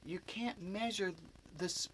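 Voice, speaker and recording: A man's voice: sits high, slow, fairly bright tone, poor audio. A man who is a rabbi, giving an informal spiritual teaching to a group as a rambling storyteller who corrects himself with asides.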